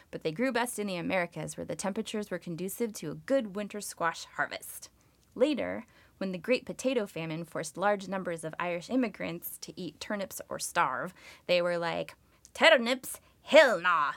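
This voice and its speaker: A woman's voice: on the low side, dry recording. A woman co-hosting a comedic podcast who tells history in a sarcastic, profane and playful way. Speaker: podcast co-host. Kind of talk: comedic scripted storytelling.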